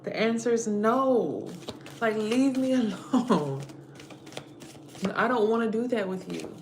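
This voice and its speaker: A woman giving a blunt, casual spiritual monologue, speaking in a streetwise, profane way and swinging from muttered asides to loud outbursts. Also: on the high side, takes it slowly, a little hiss or hum. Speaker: spiritual content creator.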